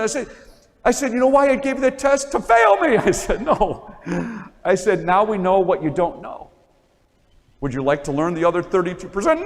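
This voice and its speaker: A man giving a motivational talk to parents, telling stories from his days as a teacher and acting out the classroom dialogue with animated energy. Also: medium pitch. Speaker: speaker addressing parents. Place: church. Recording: long reverb in a church.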